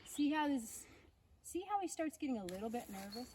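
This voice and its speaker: A woman's voice: on the high side, lively intonation, fairly quick, heavy background noise. Woman vet coaxing a horse outdoors. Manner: coaxing the horse with soft baby talk, then explaining to viewers. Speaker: holistic veterinarian and horse trainer. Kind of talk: outdoor riding tutorial. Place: outdoors at a rural horse farm. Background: birds and outdoor ambience.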